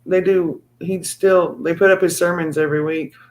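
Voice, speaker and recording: A high-pitched man chatting casually as host of a live stream. He talks in an excitable, rambling way, tripping over his words and restarting his sentences. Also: moderate pace. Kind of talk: casual chat.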